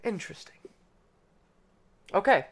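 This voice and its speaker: Laughing, bright-voiced game master. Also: a little slow. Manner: laughs often, many fillers. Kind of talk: narrating a tabletop game.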